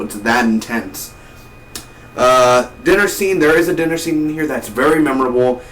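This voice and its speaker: A man reviews a film casually, rambling and enthusiastic, with an ordinary mid-range pitch. He sits some distance from the mic in a roomy space. Faint noise hums underneath. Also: fairly bright tone. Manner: rambling, repeats words, enthusiastic. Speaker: movie reviewer.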